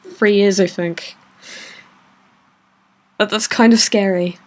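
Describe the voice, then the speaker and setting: A woman's voice: medium pitch, steady tone, slow. A woman hosting a let's play, chatting casually with fillers while reading the game aloud. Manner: chatty, laughs easily, hesitant fillers. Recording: game music under voice.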